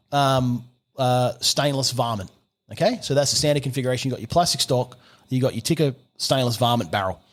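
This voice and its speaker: A middle-aged man with an Australian accent, a gunsmith guest on a podcast, explaining at length in casual chat and acting out little bits of dialogue. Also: mid-range voice. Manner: rambling, animated explaining with acted-out dialogue.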